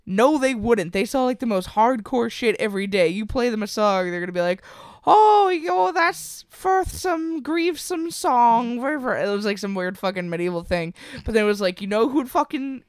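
A woman's voice: medium pitch, a little fast, hardly any pauses, smooth, no room sound, studio quality. A woman co-hosting a podcast in casual, profane, rambling chat, often laughing. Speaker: podcast co-host.

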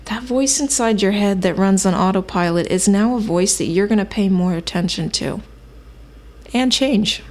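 A woman hosting a self-help podcast, teaching in a calm, measured way and thinking aloud with occasional fillers. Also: mid-range voice. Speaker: podcast host.

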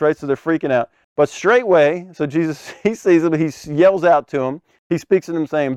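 A man preaching a conversational sermon, animated, acting out scenes with sudden loud bursts and laughing often between phrases. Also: on the high side, fairly quick, clean tone, no echo, dull audio.

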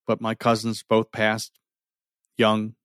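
A middle-aged man telling a personal story with earnest feeling, often sinking his voice low and holding back tears. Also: completely flat delivery, slow pace, fairly bright tone, clear, resonant tone, dry recording, clean studio sound. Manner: earnest, emotional, often drops to near a whisper. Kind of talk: personal story told to an audience.

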